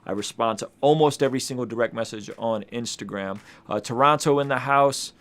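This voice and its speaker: A man's voice: mid-range voice, fairly quick, fairly bright tone. A man hosting a casual music review stream, talking in a hyped, slangy way to his chat. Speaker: music reviewer and show host. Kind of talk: casual livestream commentary. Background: hip hop beats playing.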